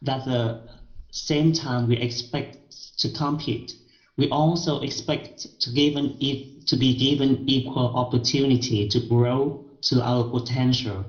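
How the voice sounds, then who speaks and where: Slow, flat-voiced man reading aloud. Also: mid-range voice. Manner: hesitant, repeats and restarts words. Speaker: student. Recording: dull, roomy sound.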